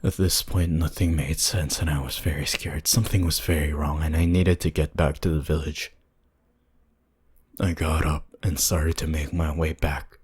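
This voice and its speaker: A man narrating a horror story in a hushed, tense, deliberate way. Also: a bass voice, fairly even intonation, slightly rough.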